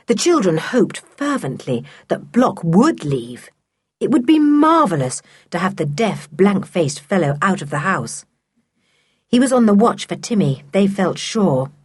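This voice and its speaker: Brief: an animated female audiobook narrator with a husky voice. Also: medium pitch, unhurried. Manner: lively storytelling. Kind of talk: scripted narration.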